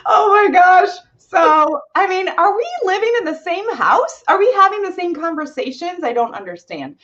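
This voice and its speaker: A woman's voice: extremely high pitch, very animated, normal speed, a bit bright, highs cut off. A young woman co-host telling a dramatic story in casual chat, with gasps and laughs.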